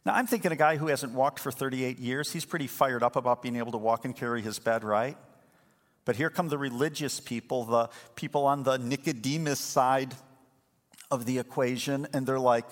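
A male pastor preaches in a church sanctuary, and long reverb trails every word. He tells the story with lively energy and acts out the voices of the people in it. His pitch sits in the middle for a man. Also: normal speed. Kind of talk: sermon.

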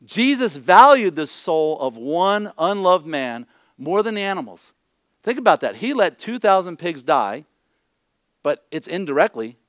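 A middle-aged male pastor delivers a conversational sermon in a fairly high voice. He is blunt and jokes freely. He keeps checking in with his listeners. The sound is dry and close. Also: very animated, measured pace, fairly bright tone, no echo. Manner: blunt, joking asides, repeats "okay?".

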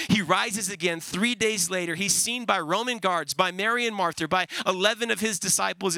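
Bright, high-voiced man preaching. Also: no echo, poor audio. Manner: earnest, emphatic, repeats key phrases. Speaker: pastor. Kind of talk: sermon.

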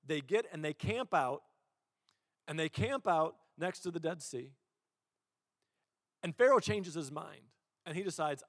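A man's voice: fairly high pitch, lively intonation, normal speed, clean studio sound. A male pastor preaching a sermon in a church auditorium. He talks in a conversational, self-deprecating way and often repeats words as he restarts. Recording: long hall reverb.

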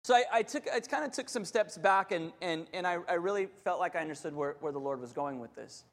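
A man's voice: on the high side, lively intonation, quick pace, long reverb tail. A middle-aged man, preaching a sermon and telling candid, self-deprecating stories with many restarts. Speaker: pastor. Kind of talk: sermon with personal storytelling.

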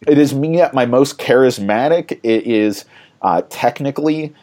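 A man's voice: mid-range voice, animated, moderate pace, dark tone. A man hosting a board game podcast, chatting casually and rambling with many fillers and laughs.

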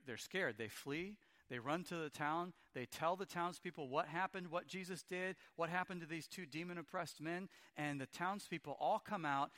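A man's voice: on the high side, a bit bright. A man preaching a sermon, retelling scripture scenes in a storytelling way and briefly acting out the quoted lines. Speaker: pastor.

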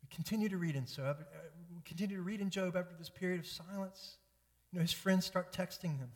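A man's voice: sits high, fast. A man pastor preaching an earnest, emphatic sermon with repetitive build-ups. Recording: long church reverb.

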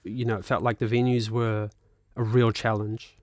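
A man in his thirties with a New Zealand accent, telling a long casual story as a podcast guest, animated, laughing and swearing freely. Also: on the low side, normal speed, no room sound, studio quality. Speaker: guest musician and actor.

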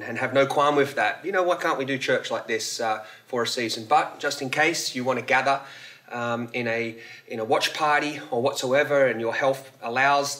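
At a church service, a male pastor preaches a casual, conversational sermon full of fillers. His voice is medium-pitched, pushed and bright.

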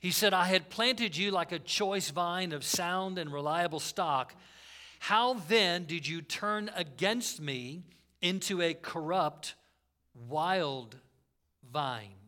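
Bright, high-voiced preaching man. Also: slow pace. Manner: earnest preaching, swings between loud emphasis and soft asides. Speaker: pastor. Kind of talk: sermon.

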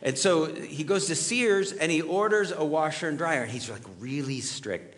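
A man's voice: fairly high pitch, normal speed, few pauses, a bit bright. A middle-aged man preaching a sermon in a conversational way, telling personal stories and asking his listeners questions. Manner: conversational, storytelling, asks the audience questions. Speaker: pastor.

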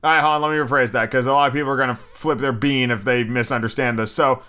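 Male podcast host, young adult, smooth clear voice, loose chatty delivery with frequent restarts. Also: mid-range voice, fairly even intonation, fast, bright, forceful tone. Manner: chatty, swears freely, restarts a lot. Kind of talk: casual solo podcast chat.

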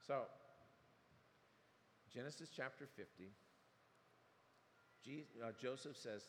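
A man's voice: mid-range voice, takes it slowly, long pauses. A man preaching a sermon, retelling the story animatedly and acting out quotes. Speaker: pastor. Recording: long hall reverb, faint room noise.

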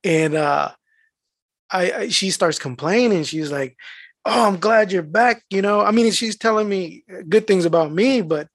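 A man's voice: high-pitched, unhurried, dry recording, clean studio sound. A man in casual chat with friends, telling a story with laughter and frequent swearing. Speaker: mail carrier.

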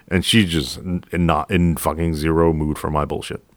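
A police officer with a very low voice recounts a call at an easy, unhurried pace, swearing casually and staying deadpan. The sound is close and dry, with no room around it. He talks like he's chatting with a colleague. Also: no echo. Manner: casual, profane, deadpan storytelling. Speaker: podcast host, police officer. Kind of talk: storytelling podcast monologue.

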